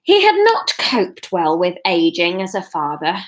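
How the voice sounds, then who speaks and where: A woman in her thirties live-streaming a reading of her own novel from her living room, self-mocking and quick to laugh at herself. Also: fairly low pitch, huge pitch swings.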